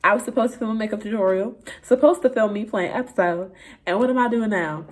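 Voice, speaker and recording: A young woman from Canada, a vlogger telling a candid, animated story to her camera. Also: mid-range voice, quick pace. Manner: candid, animated storytelling with swearing and quoted voices. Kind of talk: casual story time.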